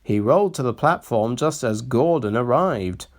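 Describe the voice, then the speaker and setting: A man narrating a storybook reading in an expressive, unhurried way. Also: mid-range voice.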